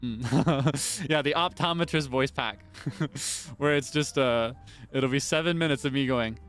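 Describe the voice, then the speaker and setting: A man's voice: medium pitch, a little slow, fairly bright tone, clean tone, faint music behind. A man streaming and chatting casually in a playful, rambling, self-deprecating way. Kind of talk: casual chat.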